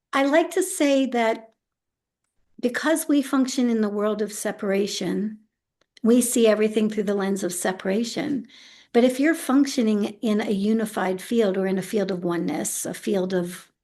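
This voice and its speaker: A middle-aged woman being interviewed, telling a story in a relaxed, animated way, acting out what people said and laughing often. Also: mid-range voice, normal speed. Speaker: autism integration specialist, interview guest.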